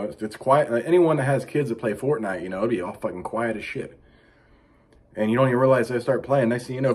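A middle-aged man delivering a crude, rambling comic monologue as a vlog host, profane with deadpan asides. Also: medium pitch, husky.

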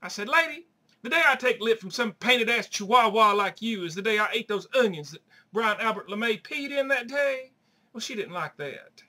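A man's voice: sits high, animated, a little fast, bright, forceful tone. A man playing a crude, gossipy middle-aged woman in a comedy sketch. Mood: brash. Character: brassy crude Southern middle-aged woman, Aunt Charlene.

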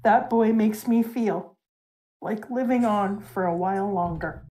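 A woman voicing a gruff older male pirate who looks back on his youth, in a low, quiet and reflective way. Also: measured pace, natural voice, low-quality recording. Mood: wistful.

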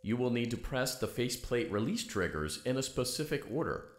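Guy doing a polite game guide voice, lively pitch, echoey room sound. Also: lightly acted. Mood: instructive. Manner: measured, polite, instructive. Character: calm male guide voice over intercom. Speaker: in-game instructor.

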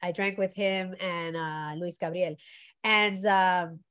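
A woman's voice: lowish voice, slow pace, smooth. A woman who leads spiritual retreats, talking in a casual chat and animatedly acting out the people in her stories. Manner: animated storyteller who acts out quotes. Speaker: retreat leader and spiritual guide.

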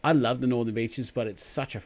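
Australian man, live chat host, rambling, laughs a lot, mid-pitched voice. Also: fairly even intonation, fairly quick. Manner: rambling, laughs often, many fillers.

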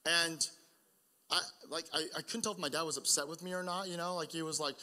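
A young man preaching a sermon, telling personal stories in a conversational way that builds to loud, urgent emphasis. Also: on the high side, fairly even intonation, a little fast. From Oregon, United States. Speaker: pastor.

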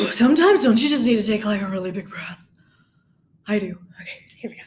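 A woman's voice: mid-range voice, animated, brisk. A woman choir teacher giving a recorded singing lesson, upbeat and encouraging as she walks through the music step by step. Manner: upbeat, encouraging, coaching with clear instructions.

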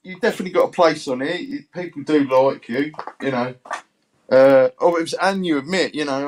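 A man's voice: on the high side, brisk, a little hiss or hum. A man chatting casually as a livestream guest, rambling and hesitant with lots of fillers.

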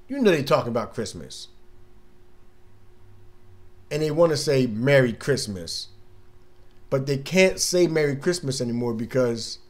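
Laid-back chatty man hosting a talk show. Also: mid-range voice. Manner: laid-back and chatty, laughs often, acts out little scenes. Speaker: radio show host. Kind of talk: casual monologue.

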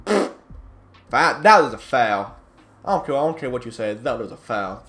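A young man recording gameplay commentary, yelling frustrated outbursts at the game with a strained, cracking voice. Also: medium pitch, very animated, normal speed, faint music behind. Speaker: gaming YouTuber.

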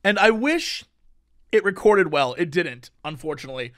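A man co-hosting a podcast, telling a story in casual chat with animated swings between loud bursts and mumbled asides. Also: sits high, normal speed, no echo, clean studio sound. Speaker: podcast co-host.

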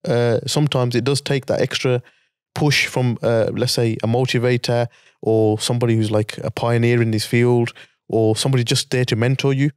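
A man hosting a podcast, asking his guest questions in a relaxed, joking way. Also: medium pitch, normal speed, clean tone, no echo, clean studio sound. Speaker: podcast host, boxing coach. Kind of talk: interview questions.

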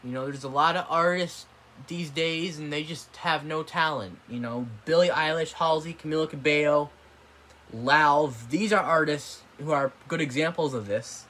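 Bright-voiced man ranting casually. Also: a little high, normal speed. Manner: blunt and dismissive, swears often, gets worked up. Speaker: vlogger. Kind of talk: ranting video commentary. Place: apartment room. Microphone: tablet microphone.

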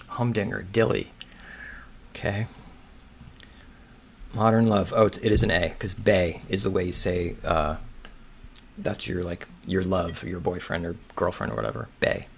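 Slow, hesitant man thinking aloud. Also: low-pitched, steady tone, vocal fry, a little hiss or hum. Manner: hesitant, muttering, questioning. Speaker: crossword solver. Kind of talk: thinking aloud while solving.

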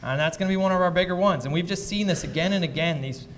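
A man's voice: high-pitched, quick pace, long reverb tail, a little hiss or hum. Blunt, profane man telling stories onstage. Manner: blunt and profane, lively anecdotes. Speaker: venture investor, fireside chat guest. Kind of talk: candid onstage storytelling. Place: live event before an audience.

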